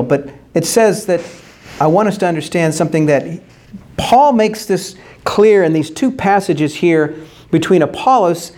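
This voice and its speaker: A man's voice: fairly high pitch, darkish tone. A man preaching a sermon as pastor, earnestly explaining scripture and posing rhetorical questions.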